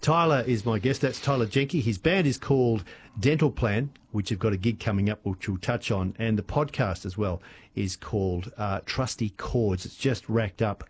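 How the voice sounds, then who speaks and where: A man's voice: on the low side, normal speed, husky. An Australian man hosting talkback radio, chatty and hesitant, with lots of fillers. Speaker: radio host.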